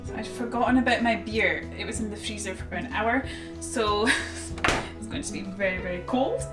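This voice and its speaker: A woman's voice: medium pitch, moderate pace, roomy sound, loud music behind the voice. A young Scottish woman chatting casually while she cooks in a small narrowboat cabin, explaining each step as she goes. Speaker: vlogger. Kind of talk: casual vlog chat while cooking.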